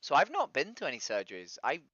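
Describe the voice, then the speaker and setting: A woman's voice: very deep voice, huge pitch swings, fast, a bit bright, slightly rough. An English woman streaming on a random video-chat site, talking in a blunt, chatty, sweary way. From England. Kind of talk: casual video-chat conversation. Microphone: computer mic on a video call. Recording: dull lo-fi stream audio.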